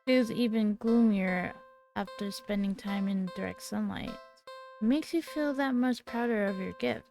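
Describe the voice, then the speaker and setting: Young woman in her 20s reading a text game out loud, slow and unhurried, a bit of vocal fry, faint music behind. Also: mid-range voice. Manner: reads the game text aloud with small slips and quick self-corrections. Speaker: gaming video creator. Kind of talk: reading a text game aloud while playing.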